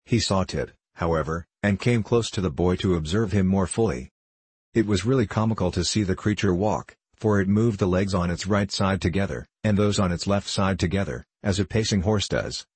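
A man narrating a children's story as an audiobook reader, with a steady storytelling delivery. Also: low voice, husky, dry recording. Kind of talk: scripted narration.

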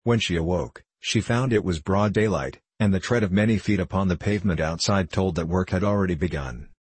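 A man narrating an audiobook in a measured, even reading. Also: low-pitched, breathy edge, dry recording.

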